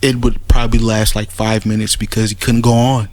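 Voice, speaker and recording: A man's voice: on the low side, flat delivery, a little fast, a little mellow, no room sound, clean studio sound. A man giving a mocking, rambling spoken rebuttal, sarcastic and full of restarts. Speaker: commentator making a response audio.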